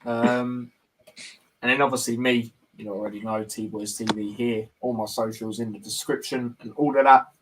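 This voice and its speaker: A man's voice: medium pitch, steady tone, moderate pace, fairly bright tone, a little hiss or hum, low-quality recording. A young man hosting a football talk stream, laid-back and casual, leaning on fillers as he wraps things up. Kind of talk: casual chat. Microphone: phone on mobile data.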